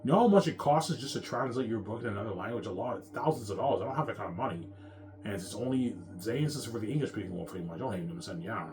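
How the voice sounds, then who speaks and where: A man's voice: on the low side, animated, rapid-fire. A man in a rambling, repetitive monologue, boastful and profane, talking straight to his audience. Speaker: vlogger. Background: music.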